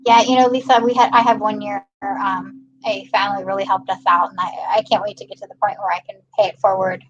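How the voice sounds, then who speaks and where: A woman's voice: mid-range voice, fairly even intonation, a little fast, highs cut off, noisy background. A young American woman from Maryland hosting a casual livestream, chatting and reading viewer comments with frequent laughs. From Maryland, USA. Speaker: livestream host.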